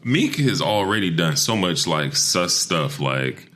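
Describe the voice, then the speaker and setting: A young man with a very deep, low-pitched voice co-hosts a casual podcast. He talks in a laid-back, profane way and jokes around freely. His delivery is loose and conversational. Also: big pitch swings, slow pace, pushed and bright. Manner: laid-back, profane, joking, breaks into laughs and mimicry. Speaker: podcast co-host.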